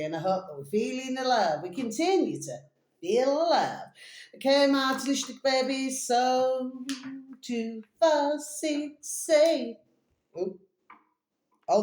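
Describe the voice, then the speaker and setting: A woman's voice: mid-range voice, a little mellow. A woman chatting in a rambling, affectionate way to her viewers, circling back to the same pet phrases. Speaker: vlogger. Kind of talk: casual rambling to-camera vlog. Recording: echoey room.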